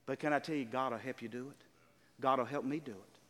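An older man preaching a sermon as pastor, calling out to his congregation and drawing out key words slowly. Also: mid-range voice, steady tone, a bit bright, big-room sound. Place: church sanctuary.

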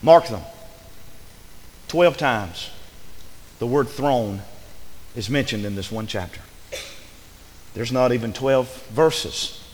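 Fervent preacher in an echoing church. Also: male voice, mid-range voice, takes it slowly, long pauses, a little mellow, slight background noise. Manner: preaching with rising fervor, rhetorical questions to the congregation. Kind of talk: sermon. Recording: long hall reverb.

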